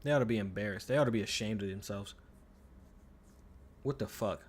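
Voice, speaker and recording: A husky, fairly low-pitched male voice moving at a fairly quick clip. He's livestreaming a game and commenting on the play as it happens, ranting in exasperation with heavy swearing. He keeps repeating himself and starting sentences over, letting them trail off.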